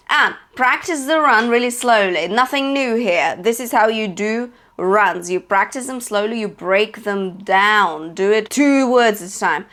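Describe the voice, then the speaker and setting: In a singing lesson, a woman coach offers encouragement and breaks in with quick sung examples between her explanations. She speaks at a measured pace in a mid-range, slightly bright voice.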